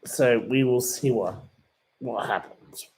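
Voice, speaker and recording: Male livestream host, unhurried delivery, easily offended, repeats himself. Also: medium pitch, darkish tone, rough recording. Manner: indignant and plummy, repeats himself. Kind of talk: casual live chat reading viewer comments. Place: sitting room.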